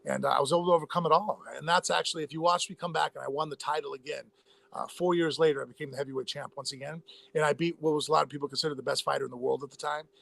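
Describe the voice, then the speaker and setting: A man telling a long personal story in a casual interview, in a rapid, rambling way with many fillers and restarts. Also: fairly high pitch, fairly even intonation, vocal fry, fairly bright tone. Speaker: interview guest, former fighter.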